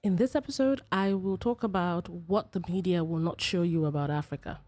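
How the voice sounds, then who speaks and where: A woman's voice: lowish voice, fairly even intonation, moderate pace, over loud music. A woman from Nigeria hosting a personal podcast, talking emphatically and repeating phrases for effect. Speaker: podcast host.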